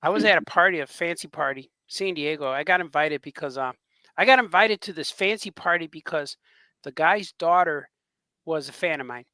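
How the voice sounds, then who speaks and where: A man, a cartoonist co-hosting a podcast, chatting casually and telling rambling, excitable stories, often laughing as he talks. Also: fairly high pitch, moderate pace, no echo. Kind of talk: casual chat, storytelling.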